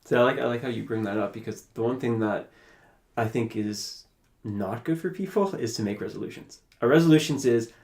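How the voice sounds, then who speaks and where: A man from Canada, a podcast guest, telling a personal story in an animated way and acting out his own past conversations. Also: medium pitch, a little fast. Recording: roomy echoey room.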